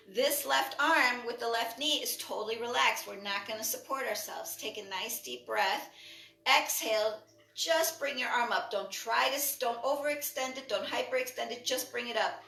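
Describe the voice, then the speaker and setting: A woman instructor leading a breathwork and movement class with calm, short spoken cues paced to the breath. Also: on the high side, normal speed, vocal fry. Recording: echoey room from far off.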